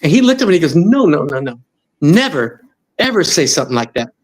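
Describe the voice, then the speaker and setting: A man's voice: fairly high pitch, fast talker. A middle-aged man from Los Angeles, a guest musician, telling stories in an interview and acting out the voices of the people he quotes. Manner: animated, acts out quoted voices. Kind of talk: storytelling in interview.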